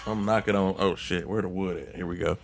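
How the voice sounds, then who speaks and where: A man's voice: low voice, fairly quick, gravelly, slight background noise. A young man co-hosting a podcast, telling a story in casual chat, swearing freely and acting out the voices. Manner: animated storyteller, acts out voices, swears a lot. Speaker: podcast co-host.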